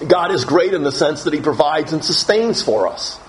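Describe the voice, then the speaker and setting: Emphatic man preaching a lively sermon. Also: moderate pace, few pauses, slight background noise, rough recording. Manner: emphatic, rising pitch on key phrases. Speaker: pastor.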